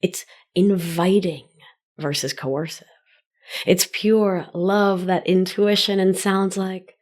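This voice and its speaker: Woman, podcast host, gentle sing-song delivery, slightly low voice, unhurried. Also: steady tone. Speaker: podcast host and life coach. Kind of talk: solo wellness podcast teaching.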